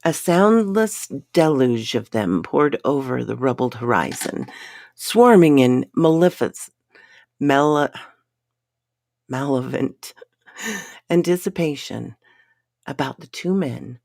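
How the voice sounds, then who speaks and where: A woman narrating a pulp science fiction story in a dramatic, unhurried reading style. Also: a bass voice, expressive, vocal fry, darkish tone, no room sound, clean studio sound.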